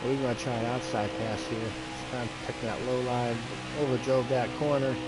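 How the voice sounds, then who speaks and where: A man's voice: mid-range voice, flat delivery, normal speed, over loud music. Young man casually narrating racing gameplay. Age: 20s. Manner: casual, chatty running commentary. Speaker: racing game streamer. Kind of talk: live gameplay commentary.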